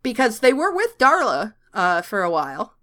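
A woman's voice: a little high, wildly swooping pitch, normal speed, pushed and bright. A woman in her thirties, a podcast co-host chatting casually about a TV show, laughing easily and swearing freely. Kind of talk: casual chat.

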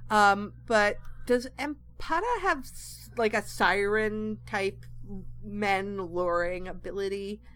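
A woman's voice: medium pitch, takes it slowly, fairly bright tone. A woman co-hosting a podcast, chatting casually with fillers and asides. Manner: talkative, lots of fillers and asides. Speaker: podcast co-host. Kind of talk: casual chat.

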